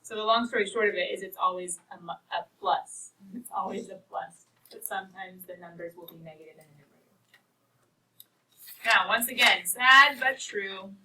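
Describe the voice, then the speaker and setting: A math teacher gives a precalculus lecture in a mid-range, fairly quick voice with a sharp tone. She is encouraging and playful, talking about equations as if they were people. The mic sits at a distance and picks up faint noise.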